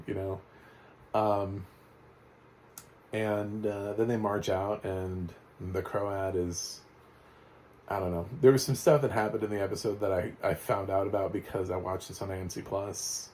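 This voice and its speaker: A man's voice: deep voice, fairly even intonation, normal speed, a little mellow, a little hiss or hum. A man giving a casual spoken TV recap, rambling and blunt, with fillers and restarts and the odd swear word. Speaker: TV reviewer.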